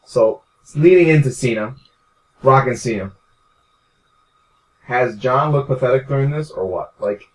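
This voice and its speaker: A man's voice: medium pitch, a little slow, pauses often. A young man co-hosting a casual podcast in a laid-back, agreeable way. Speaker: podcast co-host. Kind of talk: casual chat. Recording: distant mic.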